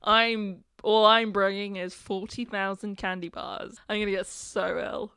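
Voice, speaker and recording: A British woman co-hosting a podcast in casual chat, wry and quick to laugh. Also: mid-range voice, fairly even intonation, sharp tone, clean tone, no room sound. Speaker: podcast co-host.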